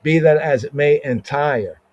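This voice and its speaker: A man's voice: on the high side, unhurried, a little mellow, dry recording. A man teaching a casual Bible word study, reading Hebrew words aloud and checking in with "right?" again and again. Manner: repeats words, asks "right?" often, reads Hebrew aloud. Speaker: podcast teacher. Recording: dull lo-fi sound, dry.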